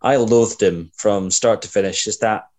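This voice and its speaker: A man co-hosting a podcast, chatting in an animated, colloquial, blunt way. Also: on the low side, unhurried. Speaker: podcast co-host. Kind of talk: casual chat.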